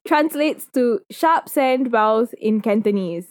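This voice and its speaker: A young woman hosts a casual podcast in a slightly high voice, recorded close and dry. She is playful and self-mocking with her friends before settling into telling the story. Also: animated, slow, dry recording. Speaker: podcast host. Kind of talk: casual chat, telling a true crime story.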